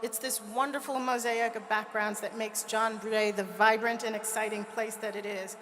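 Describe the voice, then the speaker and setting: Woman, higher voice, emotional commencement speaker, stadium reverb under clear crowd noise. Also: steady tone, normal speed, fairly bright tone. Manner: rousing, calls for cheers, emotional. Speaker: college president giving a commencement speech. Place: large stadium with a cheering crowd.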